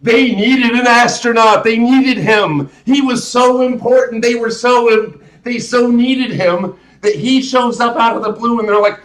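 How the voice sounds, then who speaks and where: A man's voice: extremely high pitch, steady tone, a little slow, few pauses, a bit bright, roomy sound. A man hosting a live show, rambling through a casual movie rant with emphatic restarts and rhetorical questions. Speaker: host.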